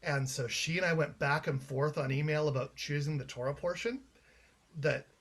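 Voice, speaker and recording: Canadian-born guy chatting about his play, lots of restarts, fairly high voice. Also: fairly even intonation, moderate pace, a bit bright. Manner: chatty, anecdotal, frequent restarts. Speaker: playwright being interviewed. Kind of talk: casual interview chat.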